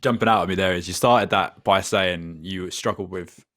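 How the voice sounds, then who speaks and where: Low-voiced male podcast host. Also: normal speed, a bit bright. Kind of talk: podcast interview.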